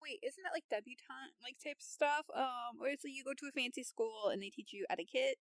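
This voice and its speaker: A young woman co-hosting a book podcast, reacting quickly and excitedly. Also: sits high, no echo, studio quality. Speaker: book club co-host. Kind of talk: casual podcast chat.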